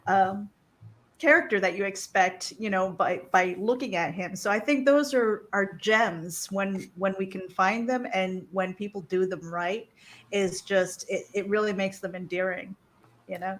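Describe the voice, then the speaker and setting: A woman hosts a casual talk on a video call, her voice mid-pitched and ordinary. She hunts for her words with plenty of pauses and laughs easily. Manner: hesitant, many fillers, laughs easily. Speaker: host. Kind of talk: casual panel chat.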